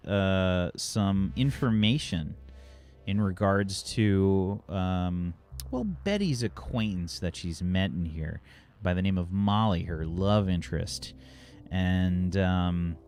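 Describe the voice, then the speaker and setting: A man acting as game master, recapping the story with many pauses and fillers. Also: low voice, a little mellow. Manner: halting recap, many ums and uhs. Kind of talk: narrating a tabletop game.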